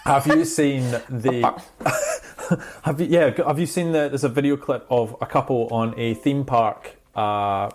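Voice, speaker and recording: A man hosting a laid-back music podcast, with a voice of middle pitch. He tells stories with animation and slips into acted-out quotes. He talks easily and casually. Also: measured pace. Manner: animated storyteller, acts out quotes. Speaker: podcast host.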